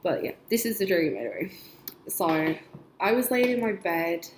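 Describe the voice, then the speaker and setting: A young woman with a lowish voice and big pitch swings chats at a moderate pace about her dreams for her vlog. Her casual storytelling rambles, peppered with "like" and little laughs, and the echoey room carries faint noise.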